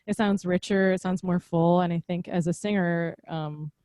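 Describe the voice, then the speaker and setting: A woman hosts a class discussion in a chatty, curious way and keeps asking questions. Her voice is fairly low and mellow. She speaks close into a directional mic, and the sound is dry. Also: fairly even intonation, normal speed, no room sound. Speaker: festival host and podcast host. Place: home room. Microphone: directional microphone close up, video call.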